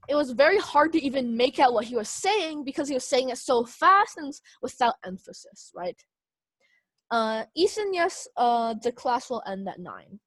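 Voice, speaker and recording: A young woman leads a youth speech class on a video call, her voice a bit high and dry, close to the mic. She hedges constantly with fillers and little laughs as she explains things. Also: no echo. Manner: hesitant, many ums and kind-ofs, laughs often. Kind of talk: online class teaching.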